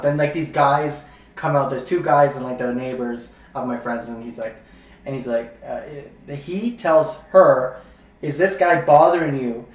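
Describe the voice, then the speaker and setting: A man's voice: medium pitch, fairly even intonation, moderate pace. A young man, a comedian co-hosting a podcast, telling a rowdy, profane story and laughing along as he goes. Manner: rowdy, swearing, laughs while telling stories. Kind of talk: casual storytelling. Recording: roomy sound, distant from mic.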